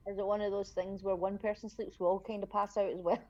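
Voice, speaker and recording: A woman's voice: mid-range voice, level tone, quick pace, warm tone. A woman player chatting casually at a tabletop game, giggly and talkative. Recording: dull lo-fi mic with faint music.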